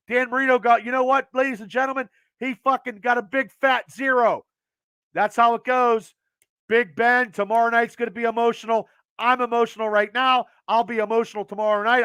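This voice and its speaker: A high-pitched, bright-voiced man tears through an excited sports rant on his podcast, profane and rambling. His delivery lurches from shouted peaks to muttered lows, and his voice is wearing thin. The sound is smooth and dry, close to the mic. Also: dry recording. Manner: passionate, profane, rambling, swings loud and quiet. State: losing his voice. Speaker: podcast host.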